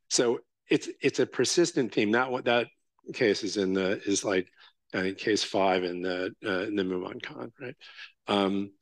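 Low-voiced man giving a dharma talk. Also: unhurried, pauses often, no echo. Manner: conversational, many fillers and restarts, asks "right?". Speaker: Zen teacher.

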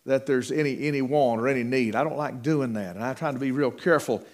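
A man's voice: mid-range voice, quick pace. A man preaching a sermon in a folksy, rambling way, with many fillers and restarts.

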